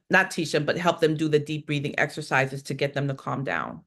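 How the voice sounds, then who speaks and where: A woman nursing instructor leading a live exam-review lesson, lively and emphatic, asking questions and answering them herself. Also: sits low, a little fast, few pauses. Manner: lively, asks and answers her own questions.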